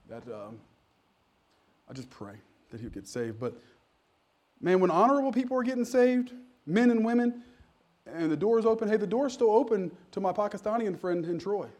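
Guy pastor with a pretty high voice, chatty sermon, tells stories, cracks jokes, then gets loud and worked up. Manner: conversational storytelling preaching with sudden loud emphatic peaks; jokes with the congregation.

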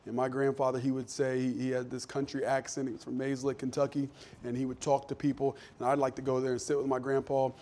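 A pastor preaching a sermon, conversational at first and building to loud, emphatic questions. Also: male voice, mid-range voice, flat delivery, fast talker.

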